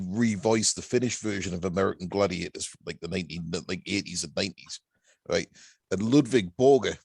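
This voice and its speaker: A man's voice: fairly low pitch, a little mellow, dry recording. A man, telling a rambling, hesitant story in casual chat. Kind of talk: casual chat over beers.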